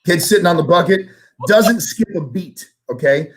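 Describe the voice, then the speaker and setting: A man telling a story in a casual show conversation, animated, acting out the voices of the people in it. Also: sits high, normal speed. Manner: animated, acts out voices in anecdotes, casual swearing. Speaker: guest storyteller.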